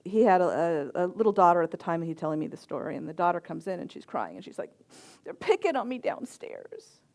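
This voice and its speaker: A middle-aged woman minister giving a sermon, telling stories softly and acting out the people she quotes. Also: lowish voice, vocal fry. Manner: gentle storytelling with quoted voices and soft pauses.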